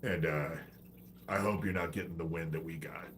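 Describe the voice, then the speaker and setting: A low-pitched man rants on a livestream, swearing freely and turning preachy between complaints. He has a head cold, and a faint hiss sits under his voice. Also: fairly even intonation, normal speed, a bit bright. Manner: profane, exasperated, preachy. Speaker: livestream host. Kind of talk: ranting livestream monologue.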